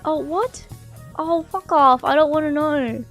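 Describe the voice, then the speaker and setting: High-voiced, excitable woman streamer. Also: measured pace, faint music behind. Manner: excitable, bursts into loud apologies and exclamations; chatty, breaks off reading to react to chat. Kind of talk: reading an article aloud on a live stream.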